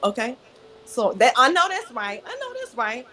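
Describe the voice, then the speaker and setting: Calm woman guiding breath work. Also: on the high side, normal speed, slight background noise. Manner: calm, guiding, soft-spoken. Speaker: yoga teacher. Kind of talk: instructional interview talk.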